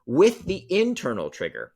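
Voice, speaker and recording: A man's voice: fairly high pitch, huge pitch swings, moderate pace, gravelly, a little mellow, slightly rough. A man talking as a podcast guest, explaining ideas emphatically and repeating key phrases for effect. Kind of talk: animated storytelling explanation.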